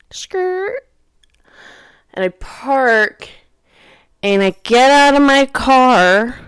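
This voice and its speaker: A woman's voice: mid-range voice, clear, resonant tone, no room sound, clean studio sound. A young woman in her twenties hosting a podcast, telling a story in a casual, dramatic way, repeating phrases and dropping into whispers for emphasis. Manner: animated, dramatic retelling with sudden whispers and cries; repeats phrases for emphasis, says "dude" and "girl". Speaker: podcast host.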